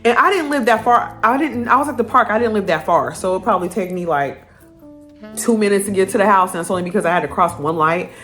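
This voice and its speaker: A woman's voice: medium pitch, quick pace, soft background music. Candid woman telling her story, swearing freely. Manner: candid, profane, animated retelling. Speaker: vlogger. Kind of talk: personal storytelling to camera.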